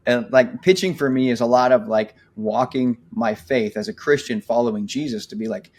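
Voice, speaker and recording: A man's voice: mid-range voice, moderate pace, few pauses, a little mellow. A man in his forties co-hosting a podcast, talking earnestly and reflectively and acting out his own inner thoughts. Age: 40s. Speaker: podcast co-host. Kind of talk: casual podcast conversation.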